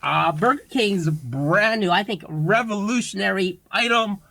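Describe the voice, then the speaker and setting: Grumpy, bright-voiced food reviewer. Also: medium pitch, animated, a little slow, gravelly, no room sound, rough recording. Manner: grumpy, complaining.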